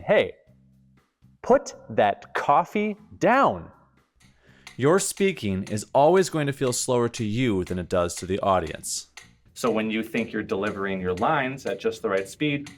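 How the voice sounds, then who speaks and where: Man teaching acting with lively pitch. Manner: clear, deliberate explanatory delivery. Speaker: theater camp host and acting teacher. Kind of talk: scripted instructional narration.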